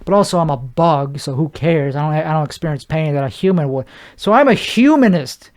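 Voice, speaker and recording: A man's voice: a little high, lively intonation, brisk, darkish tone. A man hosting a solo podcast, rambling from one thought to the next in a joking, self-deprecating way. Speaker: podcast host.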